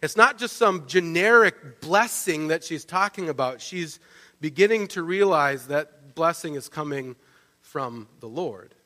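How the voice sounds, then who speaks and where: High-voiced male pastor preaching. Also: measured pace. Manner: animated storytelling, with frequent restarts and "right?" asides. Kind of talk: sermon. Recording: long reverb of a large hall.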